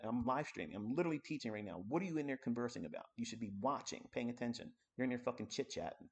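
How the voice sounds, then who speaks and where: A man's voice: mid-range voice, animated, racing, hardly any pauses, breathy edge. A man with an ordinary mid-range voice runs a live trading lesson. He talks bluntly and coarsely, thinking aloud as he works through charts. He is recorded close on a desk mic at his computer. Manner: blunt, coarse, talking while working charts. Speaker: trading educator.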